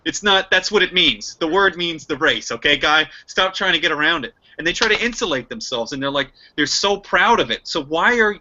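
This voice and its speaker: A young man from the United States in a heated, animated political discussion, talking fast with many restarts. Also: fairly high pitch, a little hiss or hum. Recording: muffled lo-fi recording.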